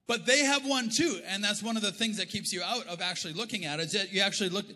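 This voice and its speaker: A man's voice: sits high, fast talker, sharp tone. A middle-aged Canadian man preaching a sermon as pastor, in a conversational, joking way. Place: church auditorium. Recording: long echo of a large church hall.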